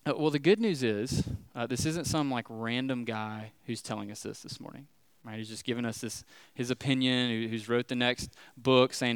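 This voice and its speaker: A man in his thirties preaches a sermon in a relaxed, conversational way, full of little fillers and asides, and he gets more animated when he retells a tense moment. His voice is smooth and resonant, and it sounds dry, with almost no room echo. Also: medium pitch. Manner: casual storytelling with many fillers, rising animation when retelling scary moments. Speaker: pastor.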